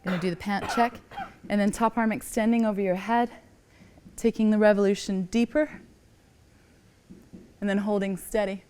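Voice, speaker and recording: A woman teaching a yoga class, giving calm, encouraging cues and slightly out of breath as she moves through the poses. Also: medium pitch, normal speed, long pauses, a little hiss or hum. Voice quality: calm, encouraging cueing, often soft. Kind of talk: guided yoga class instruction.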